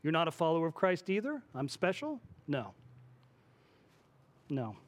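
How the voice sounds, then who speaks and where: A man in his forties preaching a sermon as pastor, animated and acting out the voices he quotes. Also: fairly high pitch, a little slow.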